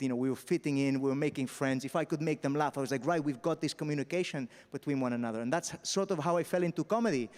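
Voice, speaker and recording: Raised in Spain, a young stand-up comedian tells stories on a festival stage at a quick pace, punchy and constantly checking in with "all right?" His voice sits a little high for a man and is a little mellow. A long hall reverb colors the sound.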